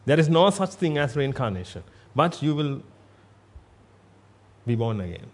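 A man's voice: mid-range voice, sing-song, a little slow. A man giving a Buddhist sermon in a blunt, emphatic way, repeating himself for stress. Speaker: Buddhist monk.

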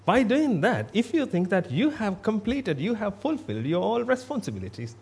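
A man's voice: sits high, sing-song, moderate pace, darkish tone, husky. A man giving a Buddhist sermon in a blunt, emphatic way, repeating himself for stress. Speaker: Buddhist monk.

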